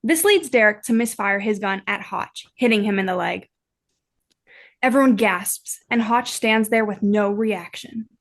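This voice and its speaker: A woman's voice: mid-range voice, unhurried. A woman from the United States reading aloud a short fan fiction her group wrote for a games night.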